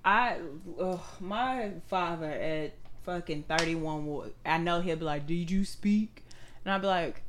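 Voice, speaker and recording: A woman's voice: fairly low pitch, unhurried, fairly bright tone, slight background noise. A woman co-hosting a podcast who tells earnest anecdotes with quoted asides in a casual chat. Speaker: podcast co-host.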